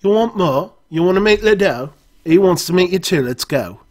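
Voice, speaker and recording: A man puts on a gruff, noseless middle-aged street fixer with a Cockney accent for a game reading. He talks in short, clipped bursts, pitched up and pushed louder. The voice has a husky, breathy grain. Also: animated, normal speed. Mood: brusque.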